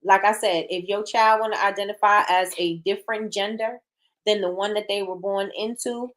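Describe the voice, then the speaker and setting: A woman talks bluntly as a show host, hammering home her points by saying them again and again. Her pitch sits in an ordinary middle range. She is casual and direct and reacts to viewer comments as she goes. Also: steady tone, normal speed, a bit bright. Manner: emphatic, repeats phrases for emphasis; frank and blunt. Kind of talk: casual opinion talk, reading live chat.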